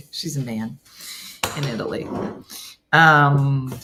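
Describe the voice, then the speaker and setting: Low-voiced chatty woman host. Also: noisy background. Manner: chatty, quick reactions and asides. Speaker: host reading viewer comments. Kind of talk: casual chat.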